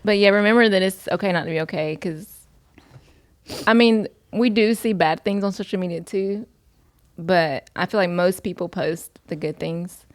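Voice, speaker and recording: Woman co-host, lower voice, soft, reflective, hesitant. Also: moderate pace. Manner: soft-spoken, thoughtful, hesitant. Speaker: podcast co-host. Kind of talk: casual faith-based chat.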